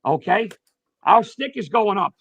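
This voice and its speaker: Here a middle-aged man who retired from firefighting tells stories as a podcast guest, blunt, cursing freely and animated throughout. His high-pitched delivery is unhurried and creaky with a breathy edge. Audio is dull, dry lo-fi with no echo.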